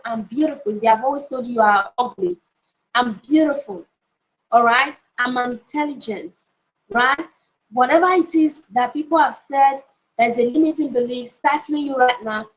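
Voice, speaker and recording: A woman pastor giving a motivational teaching session, emphatic, often repeating key phrases and checking in with her listeners. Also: fairly high pitch. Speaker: pastor and life coach. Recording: dull lo-fi audio.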